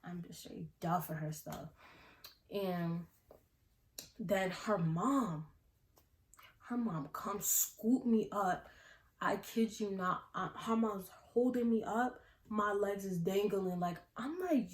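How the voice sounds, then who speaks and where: A young adult woman vlogger telling a casual storytime in an animated, slangy way, often breaking into laughs. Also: medium pitch, takes it slowly. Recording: roomy echo.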